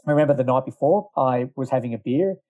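A man's voice: mid-range voice, fast talker, dark tone, no room sound. Rambling middle-aged man. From Australia. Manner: rambling, lots of fillers and asides. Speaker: former distance runner. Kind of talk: casual storytelling.

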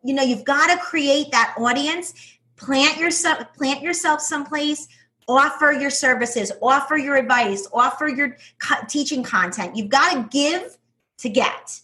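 A woman's voice: high voice, a little slow, pushed and bright. A woman with a New York accent, a guest in an interview, talking in an enthusiastic, emphatic way and laughing often. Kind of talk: casual interview talk.

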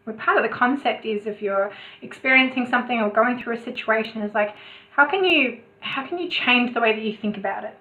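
A woman's voice: fairly high pitch, fairly quick. A woman talking as a podcast guest in a chatty way, restarting her sentences often. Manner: chatty, many restarts, animated asides. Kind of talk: casual interview chat. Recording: tinny phone-like remote call.

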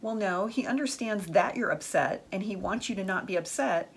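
Husky-voiced woman giving frank dating advice. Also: mid-range voice, normal speed. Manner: chatty, frank, uses "like" and "the truth is" often. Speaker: dating and relationship advice speaker. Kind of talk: casual advice monologue with stories.

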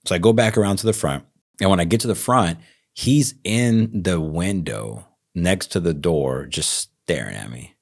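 A man with a Texas accent, co-hosting a podcast and telling a story in a casual, animated way, acting out the lines he quotes. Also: low-pitched, moderate pace. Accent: Texan. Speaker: podcast co-host.

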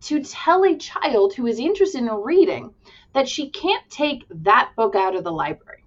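A woman's voice: a little high, moderate pace. A woman guest, an early-childhood educator, talking casually and animatedly about classroom stories. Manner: animated, acts out quotes while telling classroom stories. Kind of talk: casual conversation. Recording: dull lo-fi remote audio.

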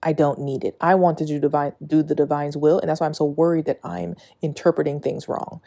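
Female podcast host, low pitch, warm mellow tone; reads a passage, then talks off the cuff in an earnest, confessional way. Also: level tone, fairly quick, vocal fry. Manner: earnest and confessional, many "like" fillers. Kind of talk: solo spiritual podcast monologue.

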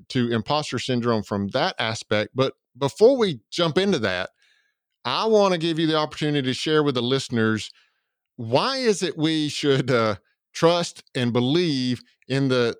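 This podcast host speaks with a Southern US accent from Georgia, his medium-pitched voice expressive and at normal speed on a dry, clean studio recording. Interviewing a guest, he's eager and promotional, sprinkling in many fillers.

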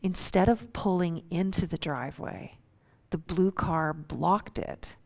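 A woman's voice: lowish voice, slow pace, a little mellow. A woman telling a personal story in a vivid, suspenseful, conversational way.

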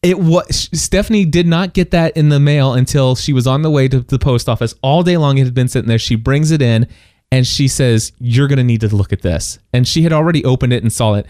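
Storytelling man with a mellow voice. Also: medium pitch, fairly quick, no echo, studio quality. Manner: animated storytelling with many restarts and laughs. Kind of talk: casual testimony chat.

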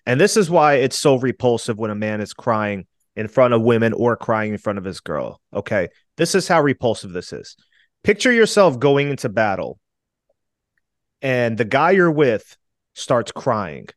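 Guy cohosting a podcast, pitch swings around a lot, super dry sound, pushy opinions. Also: normal speed, dry recording. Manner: lively, opinionated, emphatic storytelling. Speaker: podcast co-host. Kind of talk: casual interview chat.

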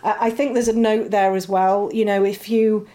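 A woman's voice: medium pitch, little pitch movement, moderate pace, warm tone. A middle-aged woman, chatting casually and rambling at home as a podcast host, laughing often. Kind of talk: casual chat. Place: home, puppy nearby.

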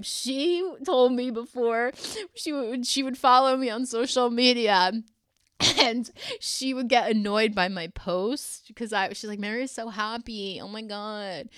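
A woman's voice: medium pitch, fairly bright tone, clean tone, dry recording, studio quality. A woman hosting a solo podcast episode, speaking to listeners in an earnest, emotional, encouraging way. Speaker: podcast host and energy coach.

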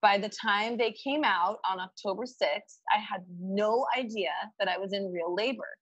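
A woman guest telling a story in a casual, animated way, laughing often and quoting her own thoughts aloud. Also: mid-range voice, normal speed, husky, no echo, highs cut off. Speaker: podcast guest.

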